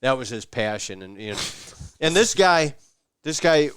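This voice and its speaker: A man with a smooth, resonant voice looks back on old hunting days, his sentences trailing softly at the ends. His voice sits in a middle range, and the sound is dry and close. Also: medium pitch, big pitch swings, a little slow, no room sound. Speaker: hunting camp friend. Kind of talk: casual storytelling at camp. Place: hunting cabin.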